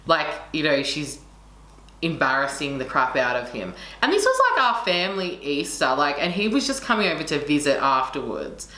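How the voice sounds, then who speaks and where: Bright, low-pitched passionate storyteller woman. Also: big pitch swings, moderate pace. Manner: passionate, swears a lot, acts out quotes. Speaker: co-host telling a story. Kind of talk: casual storytime chat. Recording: echoey room with faint noise.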